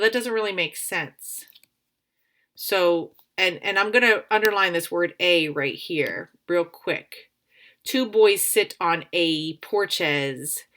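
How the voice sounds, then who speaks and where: A woman teacher giving a recorded grammar lesson to children, speaking slowly and patiently and sounding words out. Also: fairly low pitch, sharp tone.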